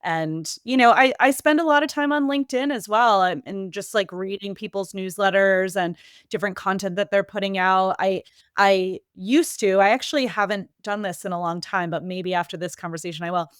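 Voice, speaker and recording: Woman, new england accent, podcast guest, smooth clear voice, dry close sound. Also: mid-range voice, dry recording. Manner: quick, lively, many fillers and restarts. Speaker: podcast guest, marketing executive. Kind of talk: casual interview talk.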